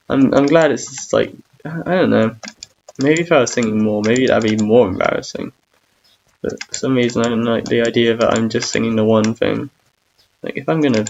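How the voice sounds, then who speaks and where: A man's voice: medium pitch, vocal fry, a little mellow, lo-fi sound, a little hiss or hum. A young man chatting casually while gaming, rambling and self-mocking about his own awkwardness, humming and singing between lines. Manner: hums and sings between talk. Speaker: gamer streamer.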